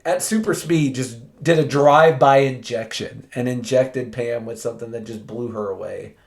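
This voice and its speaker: Man, podcast co-host, casual chat, animated, laughs a lot. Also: medium pitch.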